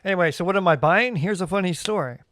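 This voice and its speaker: Male solo podcast host, slightly high voice, dry close sound, wry rambling chat. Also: quick pace, a bit bright, no echo, faint music behind. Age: adult parent.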